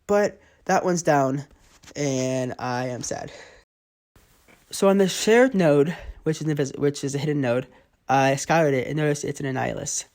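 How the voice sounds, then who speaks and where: Playing through mobile game footage of his own, this male gaming channel host offers laid-back commentary that often turns exasperated. He speaks a bit slowly, in a higher register with a darkish tone.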